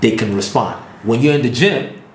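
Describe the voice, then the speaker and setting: A man's voice: medium pitch, lively intonation, normal speed, reverberant, a little hiss or hum, poor audio. Blunt male podcast co-host. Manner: blunt, explanatory. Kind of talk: casual podcast chat.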